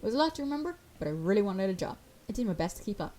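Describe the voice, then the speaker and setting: A woman's voice: mid-range voice, very animated, rapid-fire, warm tone. A woman reading a visual novel aloud and voicing every part, breaking off for casual asides. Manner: reads all the parts, breaking off for casual asides. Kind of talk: reading game dialogue aloud with commentary.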